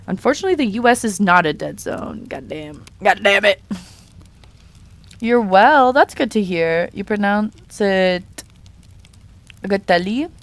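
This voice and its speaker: A woman's voice: medium pitch, expressive, a little slow. A young woman chatting casually on a live stream while she draws, playfully reading and answering chat messages. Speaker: art streamer.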